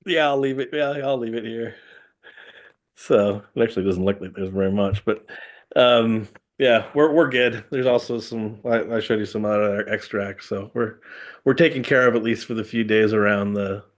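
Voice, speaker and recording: A man's voice: on the low side, moderate pace. A middle-aged man, a guest in casual chat, rambling fondly through memories and chuckling often.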